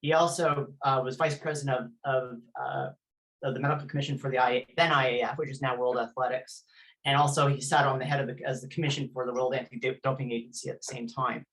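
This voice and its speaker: A Canadian woman and former elite athlete, appearing as an interview guest, earnestly and intensely recounts her own history, often restarting her sentences. Her voice is extremely low with fairly even intonation, and she talks fast. The audio quality is poor.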